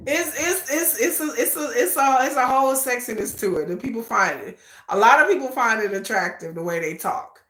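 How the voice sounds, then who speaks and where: Her voice sits a little high and moves a bit fast, with a roomy quality to the audio. She's a woman running a laid-back livestream, full of laughter and animated chatter, greeting her chat as "y'all."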